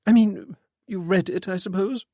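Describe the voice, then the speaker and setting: A man's voice: high-pitched, normal speed, warm tone, no echo, studio quality, voice pushed up. A man putting on an anxious widowed society lady. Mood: anxious, sorrowful. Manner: hesitant and mournful.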